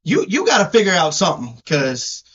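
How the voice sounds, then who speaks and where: A man with a strong Southern accent talks sports with a brash, teasing edge. His voice sits high for a man. The sound is a little dull and lo-fi. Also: wildly swooping pitch, fairly bright tone. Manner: brash, teasing, drawn-out emphasis. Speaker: podcast co-host. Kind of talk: casual sports chat. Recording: dull lo-fi audio.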